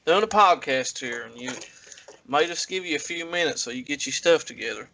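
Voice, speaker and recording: A man's voice: a little high, a little fast, bright, forceful tone, slight background noise, low-quality recording. A man hosting a podcast, moderating the chat, handing turns to others and teasing his co-hosts. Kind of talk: casual political chat.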